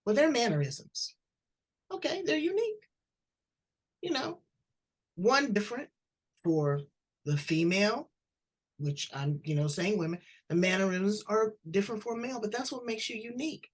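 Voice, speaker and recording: A woman's voice: mid-range voice, moderate pace, long pauses. A woman hosting an interview, chatty and blunt, telling stories as she asks questions. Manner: blunt, chatty, animated storytelling. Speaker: talk show host. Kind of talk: interview, casual chat.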